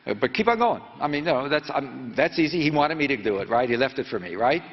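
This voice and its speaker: A man's voice: medium pitch, lively intonation. Rambling older man in an echoey hall. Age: 70s. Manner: rambling, halting, full of fillers and restarts; prods the audience with quick questions. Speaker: reporter giving a talk to students. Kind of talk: lecture storytelling with audience questions. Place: lecture hall. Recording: echoey hall, dull lo-fi sound.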